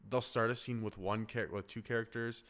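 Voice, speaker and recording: A young man hosting a podcast, chatting casually in halting phrases with lots of "like.". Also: medium pitch, steady tone, a bit bright. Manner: halting, filler-heavy, many "like"s. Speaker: podcast host. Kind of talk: casual chat.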